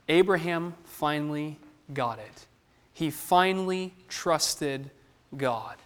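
A man's voice: on the high side, takes it slowly, fairly bright tone, a little hiss or hum. A man preaching a sermon, who asks the listeners questions and acts out the lines of the people he quotes.

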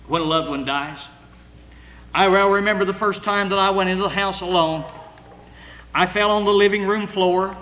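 An older man preaching a sermon with earnest emotion, at times rising to loud cries as he reads scripture. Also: high voice. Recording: echoey hall with long reverb.

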